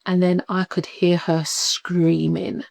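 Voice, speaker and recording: Animated woman telling her story. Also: fairly low pitch, slow, vocal fry, no room sound, studio quality. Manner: animated, acts out quoted voices, laughs often. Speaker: podcast guest. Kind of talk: personal storytelling in conversation.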